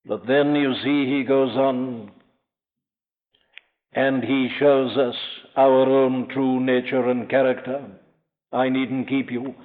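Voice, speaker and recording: A man's voice: mid-range voice, flat delivery, slow, phone-quality sound. A man preaching a sermon, earnest and emphatic, speaking directly to the listener and climbing to impassioned peaks.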